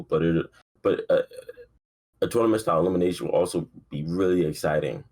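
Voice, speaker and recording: This young man's voice sits low and a little mellow as he hosts his casual solo sports podcast. Drowsy and yawning, he meanders through his talk, swearing freely and filling gaps with lots of fillers in an easygoing, offhand style.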